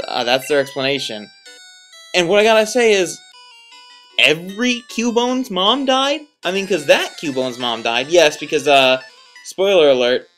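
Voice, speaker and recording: A man's voice: a little high, a bit bright. A young man casually commenting on a video game he is playing, rambling and joking at himself. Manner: rambling, self-deprecating, jokey. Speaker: let's play commentator.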